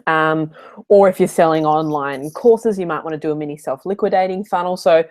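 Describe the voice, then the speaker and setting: Woman business coach, low voice, casual and digressive, running live office hours. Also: a little fast, darkish tone. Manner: chatty, digressive, laughs often. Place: hotel room.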